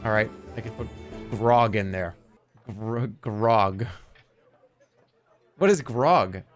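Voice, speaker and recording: A man's voice: lowish voice, slow pace, faint music behind. A middle-aged man streaming a game, joking and swearing casually as he plays. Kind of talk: casual gameplay commentary.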